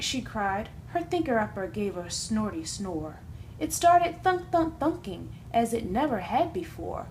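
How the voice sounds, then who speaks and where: A woman's voice: medium pitch, sing-song, unhurried, darkish tone, a little hiss or hum. A young woman reading a rhyming children's book aloud in a sing-song way. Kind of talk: storybook read-aloud.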